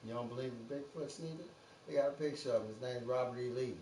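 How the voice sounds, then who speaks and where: Guy ranting on a livestream, swearing, jumping topic to topic, mellow voice, faint room noise behind. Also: medium pitch, fast talker. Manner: free-associating, profane, laughs often. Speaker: livestream host. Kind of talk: rambling livestream monologue. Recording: roomy, distant from the mic, faint background noise.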